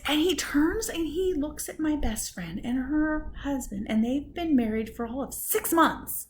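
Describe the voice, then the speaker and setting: A woman's voice: high voice, a little slow, hardly any pauses, a little hiss or hum. Indignant woman vlogger telling a story. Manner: animated, indignant, laughs often. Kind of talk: casual storytelling while doing her hair. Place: at home after a shower. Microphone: camera at close range.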